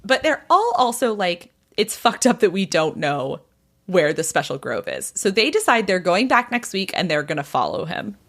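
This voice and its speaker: A woman telling a gossip story on a podcast in a lively, chatty way. She slips into the voices of the people in her tale and says "like" all the time. Her pitch sits in the middle. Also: moderate pace. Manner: animated retelling, acts out quoted people, frequent "like". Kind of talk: casual storytelling chat.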